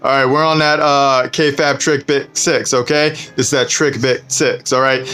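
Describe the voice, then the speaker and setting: A man's voice: medium pitch, little pitch movement, measured pace, sharp tone. A man hosting a casual show, reading a storybook aloud and breaking off for preachy asides, with "man" and "okay" in nearly every line. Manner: laid-back, peppers talk with "man" and "okay". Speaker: show host.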